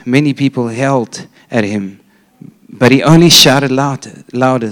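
A man preaching a sermon to a church congregation, retelling a story with animated energy and frequent restarts. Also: mid-range voice, unhurried.

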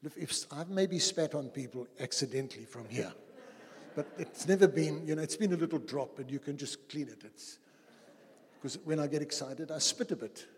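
A man preaching a sermon as pastor, dramatic, slowing for quotes and quickening in anecdotes. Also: on the high side. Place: church hall. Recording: husky voice in a long-reverb church hall.

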